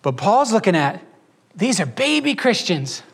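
High-voiced man preaching a sermon. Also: sing-song, gravelly, breathy edge. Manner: preaching with quick shifts between pace and pitch, acting out voices. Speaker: pastor.

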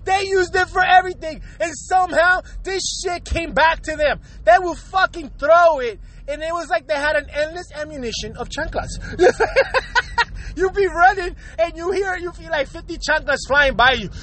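A man's voice: very high voice, moderate pace. A man telling comic stories in a casual podcast chat, swearing freely and breaking into laughter often. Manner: profane, laughs constantly, animated and emphatic. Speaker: podcaster recalling his own episode.

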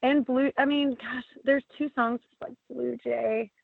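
A woman's voice: sits high, fairly even intonation, unhurried, creaky, no room sound. Blunt woman on a tinny phone line. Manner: blunt, swears freely, lots of fillers. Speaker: band lyricist and singer. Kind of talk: casual interview answers.

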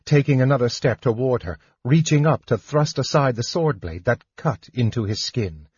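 Slow, husky man narrating a fantasy audiobook. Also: mid-range voice, no room sound, dull audio. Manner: measured, even storytelling.

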